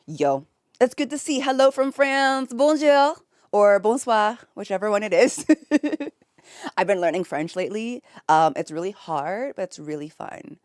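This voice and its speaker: A woman's voice: medium pitch, lively intonation, normal speed, no room sound, studio quality. A young American woman streaming from bed, chatting casually with viewers, reading chat aloud and laughing often. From United States. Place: home, in bed.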